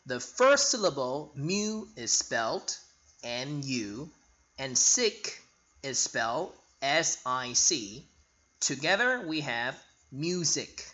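A man teaching an English spelling lesson, spelling out letters slowly and repeating each word for the learner. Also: mid-range voice, highs cut off. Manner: bright, lively teaching voice.

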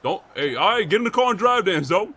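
A man roleplaying a gang member in a crime game, frantic and swearing, repeating himself as he yells for help. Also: sits high, expressive, fast, slightly rough. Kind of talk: in-character GTA roleplay.

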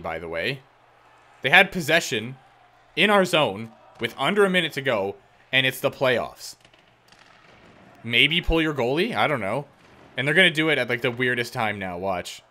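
A man giving joking, excitable play-by-play of his own video game, breaking into loud outbursts and teasing the opponents. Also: mid-range voice. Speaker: gaming YouTuber. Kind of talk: let's-play commentary.

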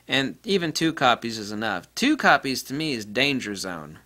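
A man giving an off-the-cuff repair tutorial, blunt and profane, ranting and mimicking people in high-pitched quotes. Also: big pitch swings, normal speed, few pauses, sharp tone. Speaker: DIY repair presenter.

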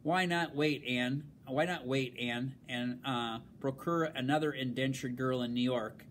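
A man's voice: medium pitch, a little slow, a bit bright, a little hiss or hum, close to an everyday voice. A man reading aloud and voicing an impatient, wealthy colonial husband who speaks curtly.

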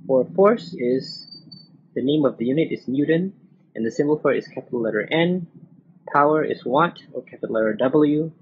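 Man lecturing over slides, muffled recording. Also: mid-range voice. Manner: methodical, spells out symbols letter by letter. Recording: muffled old recording with faint hiss.

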